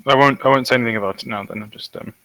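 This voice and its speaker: A man's voice: medium pitch, racing, fairly bright tone, no echo, faint music behind, rough recording. A man playing a tabletop role-playing game who speaks in a hesitant, questioning way. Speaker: player. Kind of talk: casual tabletop game play.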